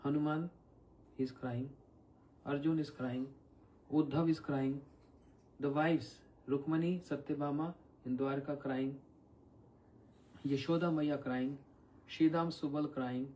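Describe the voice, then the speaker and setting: A spiritual teacher leads an evening question-and-answer talk. His voice is mellow and sits slightly high, and he keeps turning questions back to his listeners. The microphone is some way from him. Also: steady tone, slow pace, long pauses. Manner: questions the listeners often, with throat-clearing. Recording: voice from far off the mic.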